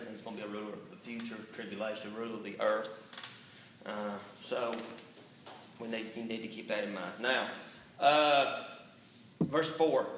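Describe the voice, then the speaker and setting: A man's voice: fairly low pitch, reverberant, background noise. Man in his forties teaching scripture. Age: 40s. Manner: conversational, checks in with "all right?". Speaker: pastor. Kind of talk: Bible study teaching. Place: church sanctuary.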